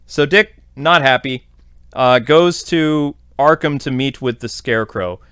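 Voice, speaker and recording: A man's voice: medium pitch, measured pace, a bit bright, clean tone, no echo, clean studio sound. A man hosting a podcast, giving a casual, rambling episode recap full of fillers. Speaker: podcast host.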